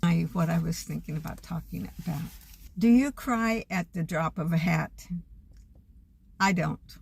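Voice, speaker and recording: An older woman's low, gravelly voice carries a homespun, earnest monologue. She speaks plainly and warmly of faith, as if chatting straight to her camera. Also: a little slow. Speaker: vlogger. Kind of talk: casual reflective monologue.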